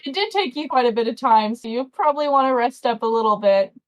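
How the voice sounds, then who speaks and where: A woman's voice: on the high side, lively intonation, fast talker, poor audio. Casual woman game master. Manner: casual, slightly flustered narration. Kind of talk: narrating a tabletop game.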